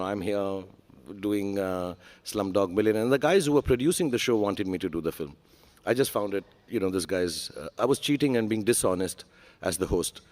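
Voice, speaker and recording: A man speaks as a guest on a big summit stage. His voice sits fairly low, and he is earnest and self-deprecating, with plenty of small hesitations. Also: a little mellow. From India. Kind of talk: candid on-stage conversation. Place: large conference stage.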